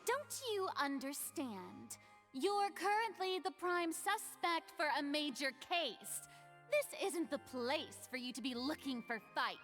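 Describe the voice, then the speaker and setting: A woman's voice: high voice, animated, slow pace, over music. A woman voicing a haughty young woman scolding a suspect in a video game.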